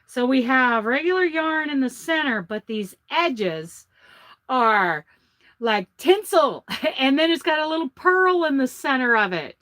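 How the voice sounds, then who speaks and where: A woman's voice: high voice, lively intonation, a little slow, fairly bright tone. A woman hosting her crochet vlog, chatting and gushing over handmade gifts from a truck. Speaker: vlog host. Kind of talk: casual chat showing crochet gifts. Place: inside a truck.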